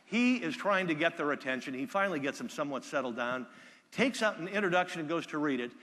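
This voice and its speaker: A man giving a live keynote speech from a conference stage, telling stories with energy and loud bursts when he quotes people. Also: on the high side, lively intonation, quick pace, long reverb tail. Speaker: keynote speaker. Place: large conference hall.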